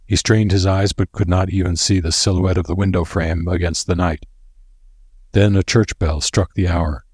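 A man narrating an audiobook in a measured, even storytelling manner. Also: low voice, slightly rough, dry recording, studio quality.

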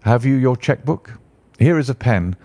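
A man voicing a calm, stern detective who explains in a measured way. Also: medium pitch, dry recording, close to an everyday voice. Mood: assured.

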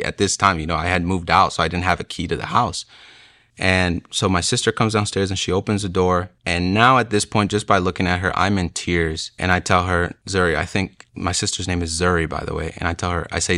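A man's voice: deep voice, steady tone, a little fast, bright, forceful tone, no echo, clean studio sound. A young man earnestly telling an emotional personal testimony of faith.

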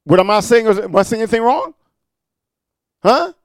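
A middle-aged preacher man with a high voice, heard close and dry with no room around him. He tells his stories in a low murmur, then climbs into loud, pressing exhortation, peppering his lines with "amen" and "huh?". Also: expressive, moderate pace, no room sound. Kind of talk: fiery sermon.

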